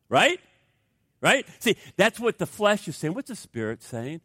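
A man preaching a sermon as pastor, animated, acting out inner voices for his congregation. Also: high voice, measured pace, dry recording, clean studio sound. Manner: animated, acts out voices of flesh and Spirit.

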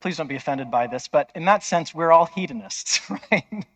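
A man's voice: a little high, a little fast, a bit bright. A man preaching a sermon in an emphatic, conversational way, often checking with listeners.

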